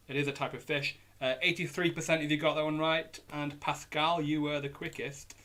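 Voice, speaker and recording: A man's voice: on the high side, flat delivery, brisk, pushed and bright. A young man with a Yorkshire accent hosting a live online pub quiz, reading out questions and options and chatting in a jokey, easygoing way. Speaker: quiz host. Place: indoors at home on a hot day.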